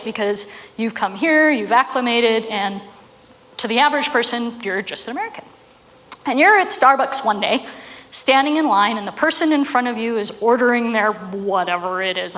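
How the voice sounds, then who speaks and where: In a large hall, a woman with a slightly high, somewhat bright voice gives a casual, chatty marketing talk. She keeps dropping in "right?" asides as she goes.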